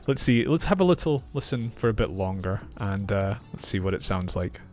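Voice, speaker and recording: Clear-spoken teacher. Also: male voice, lowish voice, animated. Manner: clear, slow, explaining and repeating words. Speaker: English teacher. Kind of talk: reaction video lesson.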